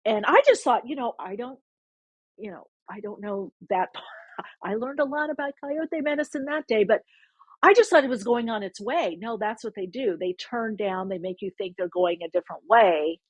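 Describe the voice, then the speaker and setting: A woman's voice: fairly high pitch, normal speed, slightly rough, no echo. A woman podcast host casually telling a spiritual story, rambling and often breaking off mid-sentence. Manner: rambling, self-interrupting, animated retelling.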